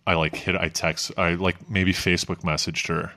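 Deep-voiced young man telling stories. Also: little pitch movement, normal speed, bright, forceful tone. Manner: rambling storytelling with laughs. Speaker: podcast co-host. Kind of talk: casual comedy podcast chat.

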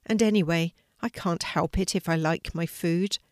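A gentle little squirrel sister from a children's storybook, played by a woman, soft and easily hurt. Her voice is recorded dry and close. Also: lowish voice, steady tone, normal speed, no room sound, natural voice.

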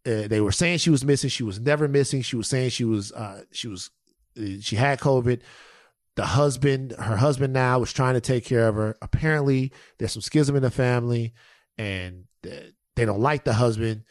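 Male podcast co-host, animated and profane, mid-range voice, dry recording. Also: mid-range voice, moderate pace, no room sound. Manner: animated, profane storytelling with comic riffs. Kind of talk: casual banter.

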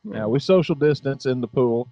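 A laid-back middle-aged man in a casual podcast chat, swearing freely and laughing between stories. His voice sits at an ordinary pitch. The sound is dull and lo-fi with no room echo. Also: lively intonation, moderate pace, mellow. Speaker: podcast host.

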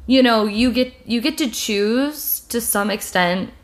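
A woman's voice: fairly high pitch, unhurried. A young woman hosting a casual chat about making videos, talking candidly and rambling with plenty of fillers and restarts. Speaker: video creator and podcast host.

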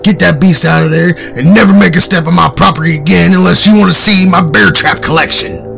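A man voicing a menacing old hillbilly landowner who barks gruff orders, with a gravelly voice. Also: on the high side, a little fast. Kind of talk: horror story reading. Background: music.

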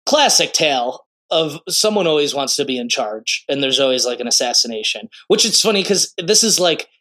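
High, bright-voiced man in his twenties. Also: moderate pace. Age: 20s. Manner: animated, acts out quotes in raised voices. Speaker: podcast co-host. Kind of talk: casual movie chat.

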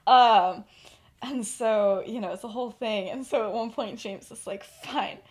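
A woman's voice: on the high side, moderate pace, slightly rough. A woman co-hosting a podcast, telling a story in casual chat with lots of fillers and frequent giggles. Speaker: podcast co-host.

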